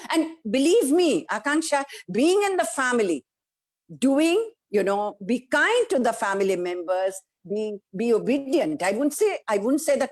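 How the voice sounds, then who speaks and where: A woman's voice: fairly high pitch, sing-song, normal speed. A woman with an Indian English accent, an actress giving an emphatic interview answer with rhetorical questions and acted-out quotes of other people. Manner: acts out quoted voices of family and society.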